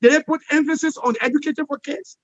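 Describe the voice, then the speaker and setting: A high-pitched man delivers passionate political commentary as an interview guest. He hammers his points home, repeating phrases and asking for agreement. The recording is dull and lo-fi, with a close, dry sound. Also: fairly even intonation, fast talker, fairly bright tone, dry recording. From Liberia. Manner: emphatic, repetitive, punctuates points with "all right?". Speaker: interview guest, peace expert.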